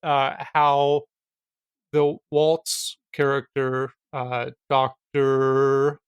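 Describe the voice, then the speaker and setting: A man co-hosting a casual film podcast, often pausing on filler words and restarting his sentences. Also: medium pitch, monotone, clear, resonant tone, no room sound, muffled recording. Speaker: podcast co-host.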